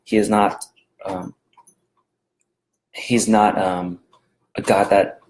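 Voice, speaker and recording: Casual, rambling man with a lowish voice. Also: level tone, slow, noisy background. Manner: rambling, conversational, frequent fillers and restarts. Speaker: devotional video host. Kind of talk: casual devotional talk. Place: at home.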